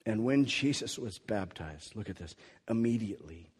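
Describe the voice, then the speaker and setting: Husky male pastor in a reverberant hall. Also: fairly low pitch, moderate pace. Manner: animated storytelling, swings from quiet to loud. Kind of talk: sermon.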